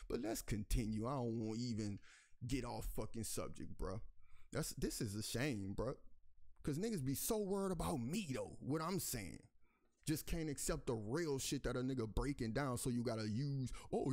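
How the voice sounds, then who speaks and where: Guy doing a fired-up commentary, reads the article then goes off cussing at y'all, voice shoots up high when he's mad. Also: darkish tone. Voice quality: pitch jumps high when outraged. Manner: heated, profane, repeatedly addressing listeners as y'all. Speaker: commentary channel host. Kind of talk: angry commentary reading a news article aloud.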